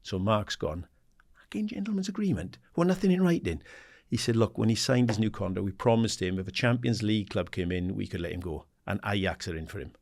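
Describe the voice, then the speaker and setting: A man in his sixties from England, a guest in an interview, telling animated stories and acting out the dialogue. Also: lowish voice, brisk, creaky, hardly any pauses. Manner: animated anecdotes, acts out quoted dialogue, laughs often; swears casually, says "mate". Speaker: guest, former footballer and assistant manager. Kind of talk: casual storytelling interview.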